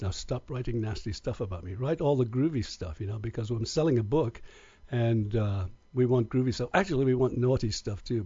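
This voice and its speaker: Husky and mid-range, a radio host jokes around casually with his callers in relaxed, easygoing banter. The dull lo-fi radio audio has no room sound.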